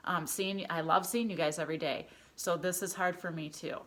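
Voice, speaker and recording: Woman teacher, remote video lesson, fairly low voice, reassuring, keeps asking "okay?". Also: fairly even intonation, normal speed, a bit bright. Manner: reassuring, checks in with a frequent "okay?". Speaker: elementary school teacher.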